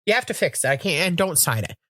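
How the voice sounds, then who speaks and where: A middle-aged woman co-hosting a podcast tells stories in casual chat, her voice on the low side and her pace quick. She animatedly acts out quotes and swears frequently. The recording is dry with clean studio sound.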